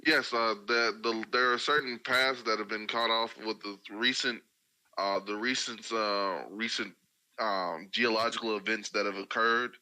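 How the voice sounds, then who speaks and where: A man narrating as game master for a tabletop game, pausing often with fillers and restarts. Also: on the low side, steady tone, sharp tone, low-quality recording. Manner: halting, many fillers and restarts.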